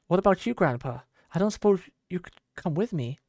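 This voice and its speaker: Give me a man playing a gentle but stubborn young fairy woman, pleading and earnest. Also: high-pitched, animated, a little fast, no room sound, clean studio sound, voice pushed up.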